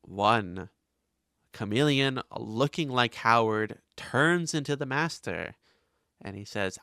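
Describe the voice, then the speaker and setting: Animated male podcast host, dry sound. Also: mid-range voice, no echo. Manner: animated recapping, quick asides. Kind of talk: casual podcast chat.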